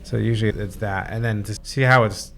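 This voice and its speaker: A man's voice: fairly low pitch, fairly even intonation, fairly quick, gravelly, fairly bright tone. A man talking as a podcast guest and Scrum trainer, easygoing and talkative, listing examples from his classes. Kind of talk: casual interview chat.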